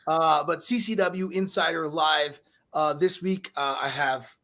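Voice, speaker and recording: A man from Chicago hosts a live show in a loose, joking chat. He rambles and fills his talk with fillers. His voice sits a bit high for a man. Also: measured pace, bright, forceful tone. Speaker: host.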